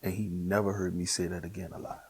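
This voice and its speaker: A man with a New Orleans accent telling his personal testimony, earnest and emotional, at times sinking to a hushed near-whisper. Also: low-pitched, little pitch movement, fast, creaky, husky. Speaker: guest sharing his testimony.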